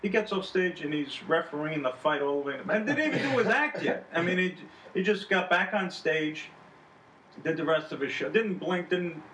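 Bright-voiced comedian reminiscing, echoey. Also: male voice, a little high, expressive, brisk, slight background noise. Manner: reminiscing, hesitant with fillers. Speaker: stand-up comedian. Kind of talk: casual chat among comedians. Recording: echoey room, mic at a distance.

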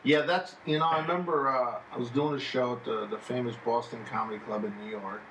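Storytelling comedian, echoey distant mic. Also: male voice, mid-range voice, steady tone, fairly quick, fairly bright tone, slight background noise. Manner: storytelling, quotes others. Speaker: stand-up comedian. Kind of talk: casual chat among comedians.

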